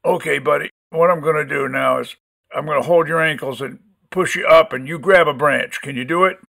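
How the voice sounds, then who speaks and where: A man voicing a strong adult farmer who coaxes a boy in a gruff but gentle way. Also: fairly high pitch, a little fast. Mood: coaxing.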